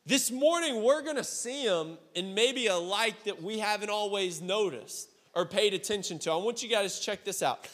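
Male youth pastor, high voice, relaxed conversational sermon, recorded in a reverberant auditorium. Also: moderate pace, few pauses. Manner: casual, conversational preaching with direct questions to listeners.

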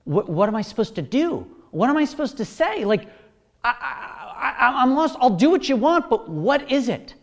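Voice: high-pitched, big pitch swings, moderate pace, big-room sound, pitched above the performer's own voice. A preacher voicing a confused, eager male disciple who stammers out questions. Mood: flustered.

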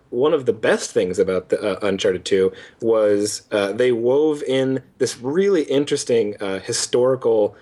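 Animated young man ranting about a game. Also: medium pitch. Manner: animated, mocks lines with exaggerated voices. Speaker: podcast co-host. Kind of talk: casual game review chat.

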